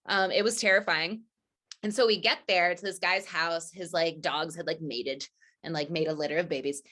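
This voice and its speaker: A woman's voice: fairly low pitch, fairly even intonation, moderate pace, sharp tone. A woman guest on a casual podcast, a chatty storyteller who fills her talk with "like" and acts out quoted lines.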